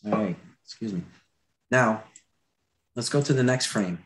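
A man's voice: on the low side, a little slow, a bit bright. Man with a dry throat demonstrating storyboards. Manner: loose, chatty, many fillers and restarts. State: dry throat, clearing it often. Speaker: storyboard artist teaching a demo. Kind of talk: live drawing demonstration.

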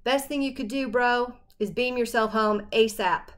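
Brief: breezy, mocking young guy, read by a woman, voice pushed up high, audiobook. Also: fairly even intonation, moderate pace, natural voice.

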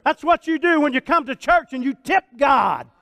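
A man in his sixties preaching a sermon as pastor, folksy and fervent, swinging from hushed talk to shouts. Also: very high-pitched, expressive, moderate pace, creaky, dry recording. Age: 60s.

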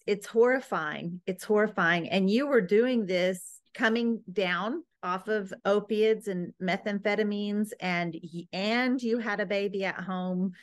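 A woman hosting an interview, reflecting on her guest's story with empathy. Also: mid-range voice. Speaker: host. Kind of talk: interview conversation.

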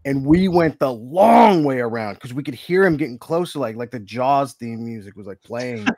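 A man's voice: mid-range voice, animated, moderate pace, mellow, no room sound, studio quality. A man hosting a casual livestream from his hobby room, telling rambling, laugh-filled stories. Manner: laughs often, rambling anecdotes. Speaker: livestream host. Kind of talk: casual chat.

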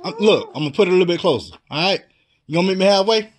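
A young father playfully teases his baby into crawling, dropping his voice low and then leaping into high baby talk. He talks rapid-fire with lively intonation.

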